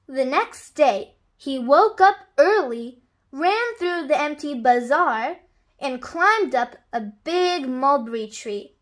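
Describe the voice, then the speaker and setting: A woman reading a children's picture book aloud, with clear, expressive storytelling. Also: high voice, takes it slowly.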